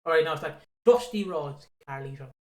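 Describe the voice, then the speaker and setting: A man's voice: fairly high pitch, fairly quick. A young man co-hosting a podcast, chatting casually about wrestling, rambling and swearing a lot as he tells stories. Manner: rambling, swears often, excitable storyteller. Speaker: podcast co-host.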